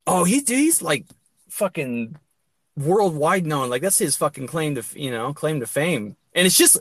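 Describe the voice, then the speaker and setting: Husky high-voiced man riffing loudly. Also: big pitch swings, normal speed, no echo. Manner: bursts into mock sports-announcer shouting. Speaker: podcast host. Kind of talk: casual crude comedy chat.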